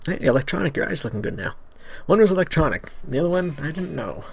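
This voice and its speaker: A man's voice: fairly high pitch, vocal fry, slightly rough. A man casually reading a visual novel aloud, stumbling over words and adding joking asides. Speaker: Let's Play host.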